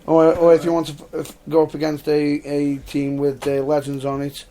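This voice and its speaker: A man co-hosting a casual podcast, excitable, often cutting in and stumbling over his words. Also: a little high, fairly quick. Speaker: podcast co-host. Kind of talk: casual banter.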